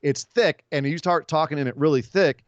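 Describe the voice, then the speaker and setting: A man co-hosting a casual wrestling podcast, talking in long, animated, rambling explanations full of asides. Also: on the high side, quick pace, dry recording, dull audio. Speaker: podcast co-host.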